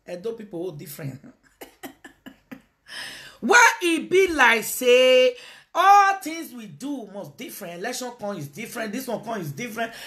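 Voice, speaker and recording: A Nigerian woman hosting a casual live video, talking to her viewers and slipping into Pidgin. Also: a little high. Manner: animated, switches into Pidgin, calls out to viewers. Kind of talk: casual live-stream talk.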